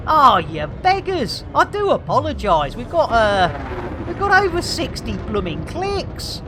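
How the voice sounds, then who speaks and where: A man's voice: high-pitched, huge pitch swings, measured pace, background noise. A man hosting a live gameplay stream, rambling through jokey banter and cheeky asides. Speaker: livestream host.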